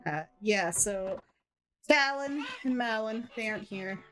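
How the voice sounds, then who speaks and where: A woman's voice: on the high side, lively intonation, a little slow, bright, forceful tone, faint music behind. A woman playing a game and talking through it in a laid-back, casual way. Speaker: game player. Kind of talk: casual gaming chat.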